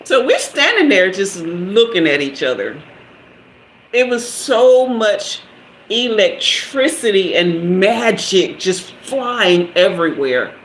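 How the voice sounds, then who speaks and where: A woman in her fifties telling a lively personal story to her live-stream viewers, laughing often and talking straight to them. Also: mid-range voice, slow pace. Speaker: host of a live tarot stream. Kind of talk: casual storytelling to a live chat. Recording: echoey room with faint background hiss.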